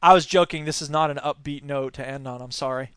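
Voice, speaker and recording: A man hosting a news commentary podcast, reading stories with sarcastic, animated asides. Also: on the high side, quick pace, smooth, no room sound. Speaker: podcast host.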